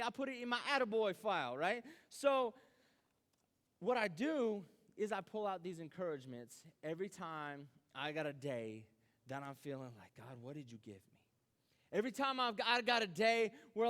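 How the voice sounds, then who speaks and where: A man preaching a youth sermon as youth pastor, animated, acting out his own doubts aloud. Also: sits high, moderate pace.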